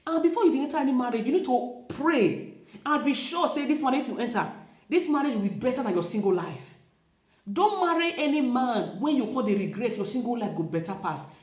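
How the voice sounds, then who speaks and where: A woman's voice: a little high, a little mellow. A woman with a Nigerian Pidgin-inflected English accent, talking to camera as a vlogger in an emphatic, preachy way and repeating her points. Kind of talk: casual commentary to camera. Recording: roomy, dull lo-fi sound.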